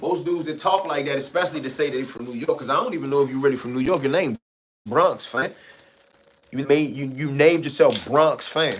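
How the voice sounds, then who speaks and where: With a mid-range, fairly bright voice over slight background noise, a Washington, D.C., man hosts a livestream and rants at his chat. His D.C.-accented street talk is blunt, heated, and profane.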